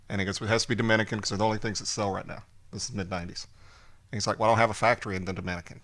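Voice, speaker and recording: A man with a lowish, bright voice co-hosts a relaxed podcast. He tells long stories, slipping into quoted lines and laughing along the way. Easygoing, chatty delivery. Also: racing. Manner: storytelling with acted quotes and laughter. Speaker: podcast co-host. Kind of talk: casual chat.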